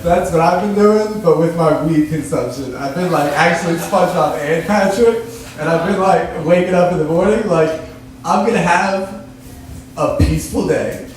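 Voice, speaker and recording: Giggly stand-up comic, echoey room. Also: male voice, a little high, moderate pace, faint music behind. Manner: giggly, laughs through his lines. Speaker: stand-up comedian. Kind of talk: rambling stand-up storytelling. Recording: echoey room from a distant mic.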